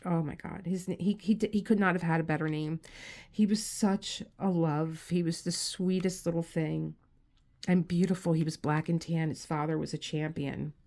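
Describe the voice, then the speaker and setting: A tired, low-energy woman chatting casually while doing a craft, rambling with many restarts and growing teary as she tells personal stories. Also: mellow. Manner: rambling, restarts often, emotional storytelling. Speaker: crafting channel host. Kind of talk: casual chat while diamond painting. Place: home room.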